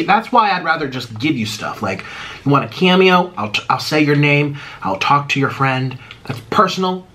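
An American mukbang YouTuber with a somewhat high, bright, forceful voice talks casually to his audience as he eats. His chatter meanders, full of self-interruptions and restarted sentences.

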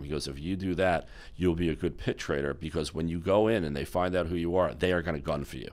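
Talking at a quick pace with few pauses, this middle-aged U.S. interview guest has a deep, slightly mellow voice. A former exchange executive, he tells stories animatedly and mimics the people he quotes.

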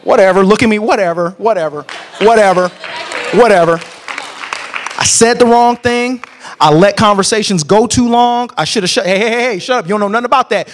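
A man teaching a church marriage class, preaching in an animated, colloquial way that bursts into shouts. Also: very high-pitched, a little hiss or hum.

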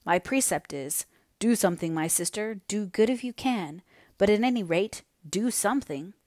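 A woman's voice: medium pitch, lively intonation, normal speed, a little mellow, no echo, clean studio sound, lightly acted. A woman reading the lines of an impatient, hearty young naval officer, the heroine's brother, in a story, urging and coaxing with energy.

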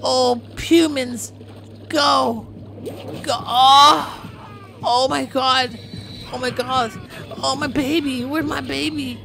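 A woman's voice: high-pitched, fairly even intonation, takes it slowly, creaky, pauses often, fairly bright tone, a little hiss or hum, heavily acted. A woman voicing a doting, protective new mother dolphin over gameplay, gushing and melodramatic. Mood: frantic.

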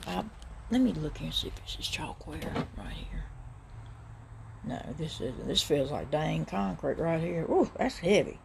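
A woman's voice: low voice, unhurried, creaky, background noise. A middle-aged woman with a Southern US accent, chatting casually to her viewers in a thrift-shopping vlog. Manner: chatty, drawling, addresses viewers as y'all. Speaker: vlogger.

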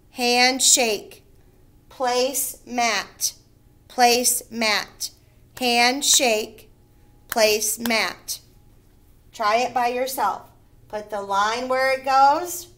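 A woman teaching a first grade reading lesson to young children, speaking patiently and clearly and sounding out words syllable by syllable. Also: fairly high pitch, a bit bright. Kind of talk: recorded remote reading lesson.

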